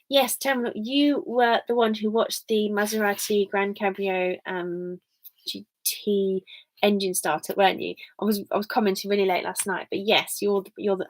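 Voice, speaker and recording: A young English woman live streaming, chatting casually and rambling to her viewers. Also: mid-range voice. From England. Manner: rambling and chatty, full of fillers.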